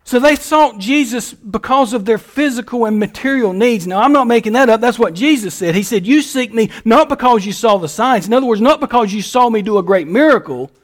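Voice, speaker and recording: Preaching with a lilt and a folksy manner, this male pastor has a strikingly high voice for a man and presses hard on his emphases. He is animated and a little quick, with hardly any pauses.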